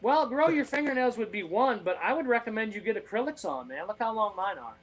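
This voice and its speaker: A man from Maine whose accent has taken on a Southern drawl, a guest guitarist talking folksy and animated in a casual interview. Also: high voice, fast, low-quality recording. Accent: Southern drawl over a Maine accent. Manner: folksy and animated, calls people brother and man.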